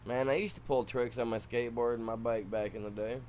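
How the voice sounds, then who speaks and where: A man's voice: medium pitch, fairly even intonation, a little fast, darkish tone, slight background noise. A man from Michigan with a Michigan accent, chatting casually while streaming a game, rambling and slangy. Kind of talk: casual gameplay chat.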